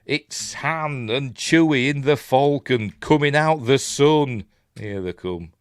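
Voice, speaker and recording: A medium-pitched, clean-toned voice belongs to an older man with a Yorkshire accent, slowly chatting his way through a film as he watches and hums the soundtrack. The recording is studio quality with no room sound.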